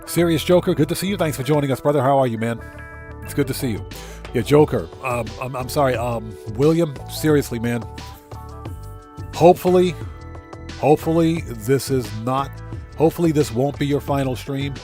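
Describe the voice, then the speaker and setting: A man's voice: medium pitch, moderate pace, warm tone, faint music behind. A man hosting a casual gaming livestream, talking loosely and greeting chat viewers by name, at times choked up. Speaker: livestream host.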